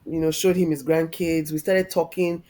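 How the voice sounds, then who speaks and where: A woman's voice: low voice, level tone, normal speed, mellow. A woman, a podcast guest telling her personal story in a heartfelt, reflective way. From Nigeria. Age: 30s. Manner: heartfelt, reflective, openly emotional.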